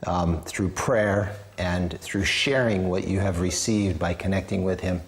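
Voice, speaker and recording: A man's voice: deep voice, fairly even intonation, unhurried, a little hiss or hum. A man hosting a Christian TV interview, asking questions and often giving short affirmations. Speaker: TV show host.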